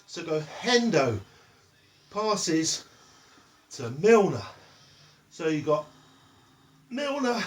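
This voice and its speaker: Man, high voice, relaxed instructor, echoey room, mic some way off. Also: far from the mic, a little hiss or hum. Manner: playful, names each stretch after a football player. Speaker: exercise instructor. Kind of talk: home stretching tutorial. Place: indoors at home.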